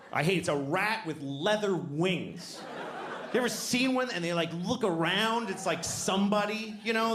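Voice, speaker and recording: A middle-aged man doing a live stand-up routine on stage, ranting profanely and exasperated, dropping into mumbled asides. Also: sits high. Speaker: stand-up comedian. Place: comedy stage before a live audience. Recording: reverberant live venue with audience noise.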